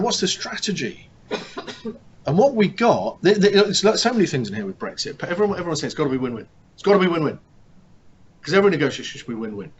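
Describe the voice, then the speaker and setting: A man speaks to a room about negotiation in a relaxed, conversational way, often turning statements into rhetorical questions. His voice sits in a middle register. The recording is a little dull, with faint background hiss. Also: mid-range voice. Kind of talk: live seminar talk. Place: meeting room with an audience.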